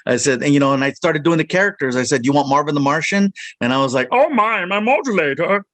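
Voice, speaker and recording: A man, a comedian and voice actor, telling a story in an interview with animated, joking delivery. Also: medium pitch, quick pace, no room sound.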